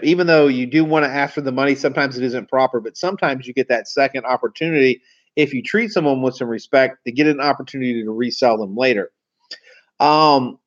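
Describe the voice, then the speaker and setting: A man, telling car sales stories in a casual, animated, slangy way. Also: mid-range voice. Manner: animated, slangy, acts out quoted voices. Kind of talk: casual storytelling. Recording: slightly dull lo-fi audio.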